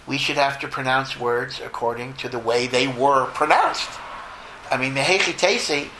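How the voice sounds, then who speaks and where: A man, a rabbi answering a question in an informal talk, thoughtful and lively, mixing in Hebrew and Yiddish terms. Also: fairly high pitch, noisy background.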